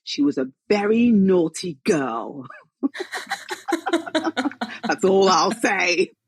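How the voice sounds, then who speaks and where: A British woman, a guest actress, chatting in an interview and telling lively stories with frequent laughter. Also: on the low side, drawn-out words, slight background noise. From Britain. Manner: lively storyteller, laughs often. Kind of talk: casual interview chat.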